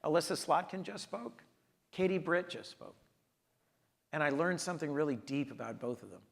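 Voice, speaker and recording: A man in his sixties speaks as a senator at an onstage conversation, telling stories earnestly. His voice sits somewhat higher than most men's. His delivery is emphatic and sincere. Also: normal speed, gravelly. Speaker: US senator, interview guest.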